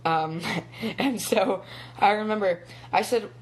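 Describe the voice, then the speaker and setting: A man's voice: sits high, measured pace. A teenage boy chatting casually on a phone live stream, rambling with lots of ums and little laughs. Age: teens. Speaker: young actor live-streaming. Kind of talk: casual chat.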